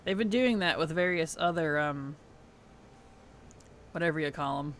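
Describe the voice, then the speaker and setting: High-voiced chatty male streamer. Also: moderate pace, fairly bright tone, a little hiss or hum. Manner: chatty, laughs often, greets and answers chat. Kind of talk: casual gaming livestream chat.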